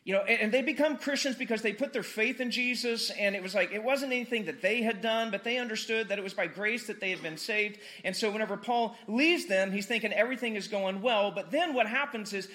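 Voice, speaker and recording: A man's voice: sits high, sharp tone. A man preaching a casual, conversational sermon, joking with the congregation and repeating words for emphasis. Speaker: pastor.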